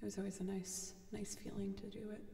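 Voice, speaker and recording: A woman's voice: mid-range voice, little pitch movement, fast, vocal fry, mellow, breathy edge. Chatty woman streamer from Massachusetts. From outside Boston, Massachusetts. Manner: chatty, self-deprecating, reads chat aloud. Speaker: streamer and musician. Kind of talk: casual livestream chat.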